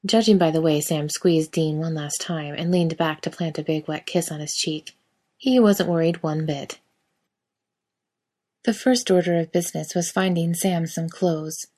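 Woman reading a story out loud, kinda low voice, calm and steady. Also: measured pace. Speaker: reader.

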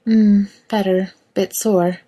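A woman voicing a tentative, earnest younger woman who speaks softly and hesitantly. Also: mid-range voice, flat delivery, takes it slowly, breathy edge.

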